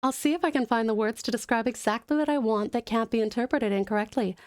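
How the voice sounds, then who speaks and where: A woman streamer in a soft, soothing, smooth mum voice, doting on viewers as sweetheart and darling. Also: on the high side, quick pace. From Australia (Tasmania). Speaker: streamer and artist. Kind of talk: live-stream chat, thanking viewers.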